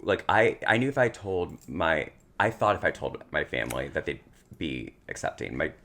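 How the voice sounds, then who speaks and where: A man's voice: extremely low pitch, moderate pace, creaky. A man co-hosting a podcast, telling a personal story in a casual, emotional way. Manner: emotional, tearful at times, animated storytelling. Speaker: podcast co-host.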